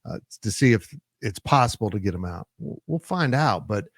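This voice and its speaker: A male sports analyst discussing college football in a measured, analytical way, with frequent "uh" fillers. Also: on the low side, animated, no echo, clean studio sound. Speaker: sports site publisher and analyst.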